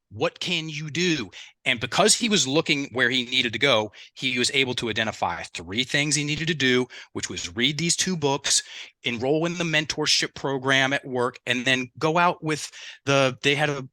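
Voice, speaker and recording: A man's voice: mid-range voice, normal speed, bright, forceful tone, no room sound. A man as a mindset coach, telling stories in a casual interview and acting out quoted dialogue with animation, speaking into a headset.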